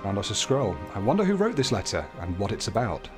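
Brief: low-voiced male let's play host, chatty and jokey, reads game text aloud, music playing clearly behind him. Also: very animated, fast. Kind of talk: casual gameplay commentary.

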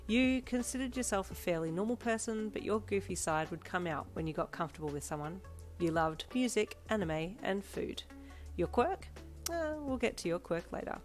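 A woman reading a second-person fanfiction story aloud in an expressive narrating voice. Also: fairly low pitch. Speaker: fanfiction reader. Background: soft backing music.

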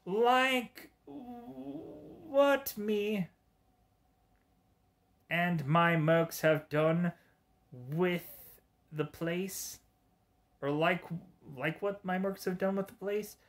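A man's voice: high-pitched, drawn-out words, gravelly, pauses often, fairly bright tone, voice pushed up, full character voice. A man voicing a taunting, sadistic male assassin in a video game, with a manic, sneering clown-villain delivery. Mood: smug.

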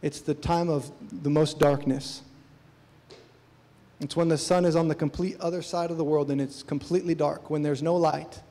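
A man's voice: on the high side, fairly even intonation, moderate pace, mellow. A man preaching a sermon at a church service, earnestly pressing his listeners with questions. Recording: long hall reverb.

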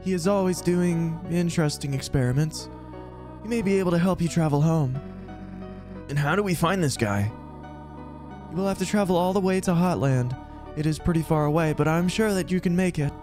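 A man voicing a gentle, motherly goat woman in a game, speaking formally and politely with no contractions. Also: fairly high pitch, fairly quick, music in the background, pitched above the performer's own voice, close to an everyday voice.

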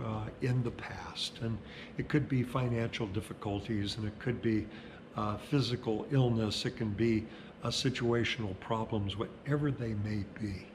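A middle-aged male pastor who preaches in a conversational, storytelling way and slows down for emphasis. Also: mid-range voice, background noise. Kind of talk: sermon.

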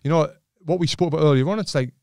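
A man's voice: a little high, very fast, dark tone, no echo, studio quality. A man, a former boxer, telling stories as a podcast guest in casual chat, swearing freely and acting out the lines of the people in his stories. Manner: swears freely, retells dialogue with gusto.

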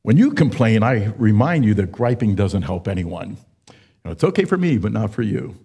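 A man's voice: fairly low pitch, big pitch swings, moderate pace, gravelly, mellow, slightly rough, heavily acted. An older pastor voicing a smug, self-excusing male complainer in a whiny tone.

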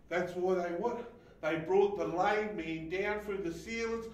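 A man preaching a sermon as pastor, swinging between loud, excited exhortation and quiet scripture reading. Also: sits high, echoey room, recorded from a distance, low-quality recording. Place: church fellowship hall.

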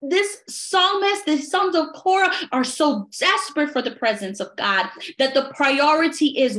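Woman, high voice, fervent Bible study teacher; roomy echo on the recording. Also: expressive, unhurried, few pauses, a bit bright. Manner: fervent, repeats phrases, says "right?" often.

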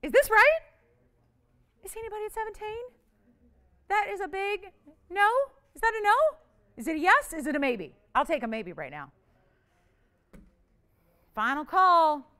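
A woman's voice: high voice, sing-song, a little slow, pauses often, sharp tone. A woman hosting a live jewelry shopping auction, bubbly and chatty, teasing her crew as she calls out the bids.

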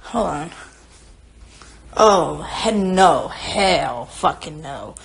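A young woman talks on a livestream from her home, her voice gravelly and her pace slow and unhurried. She rambles and swears freely, reading viewer comments aloud and answering them into her phone. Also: low voice, animated. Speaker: singer on a livestream. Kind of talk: casual livestream chat. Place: home, indoors.

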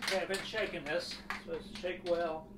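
A man's voice: high-pitched, fairly even intonation, moderate pace. A man casually talking through a hobby build at home, thinking aloud with plenty of filler words, recorded on a phone camera. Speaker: model railroad hobbyist. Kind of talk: casual how-to narration. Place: home, kitchen table area. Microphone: phone camera, sometimes on tripod. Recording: roomy and distant phone audio with clear noise.

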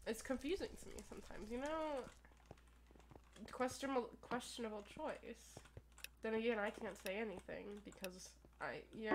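Foul-mouthed young woman gaming. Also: fairly high pitch. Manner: crude, profane trash talk, playful and quick to rant. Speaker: gaming YouTuber. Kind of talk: live gameplay commentary. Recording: noisy recording with keyboard clicks.

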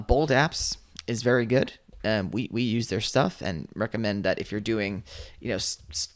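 Casual rambling man teaching online business. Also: medium pitch. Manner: rambling, filler-heavy, dryly sarcastic. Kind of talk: casual screen-share commentary.

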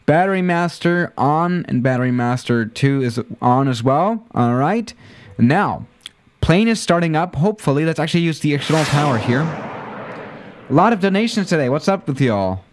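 Rambling, chatty male streamer. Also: mid-range voice. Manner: chatty, rambling, trips over words and laughs at himself. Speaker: livestreamer playing a flight simulator. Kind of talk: casual live-stream chat.

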